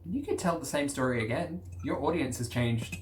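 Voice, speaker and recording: A man's voice: fairly high pitch, normal speed, a little hiss or hum. Dry-witted Australian man. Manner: dry, sarcastic quips. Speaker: video commentator. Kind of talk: casual reaction commentary.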